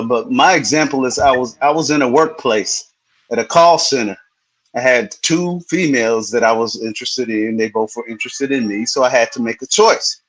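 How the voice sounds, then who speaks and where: A man's voice: mid-range voice, fairly bright tone, rough recording. A man in a casual online group chat, arguing his point through a long personal story. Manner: storytelling, argumentative. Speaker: guest.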